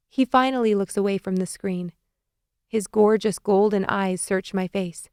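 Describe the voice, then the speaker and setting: Woman reading a first person audiobook, smooth clear voice, mid pitch, dry close mic. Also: steady tone, normal speed, no room sound. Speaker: audiobook narrator.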